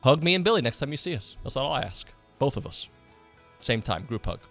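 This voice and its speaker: A man's voice: a little high, fast talker, gravelly, faint music behind. A man hosting a sports radio show, teasing his co-hosts in casual banter. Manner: teasing, joking, animated.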